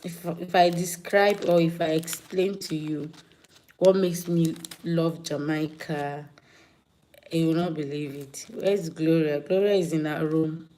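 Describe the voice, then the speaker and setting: Woman, livestream host, unhurried, low-ish voice, chatty and playful. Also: fairly even intonation, warm tone. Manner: chatty, greets viewers by name, laughs often. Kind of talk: casual livestream chat.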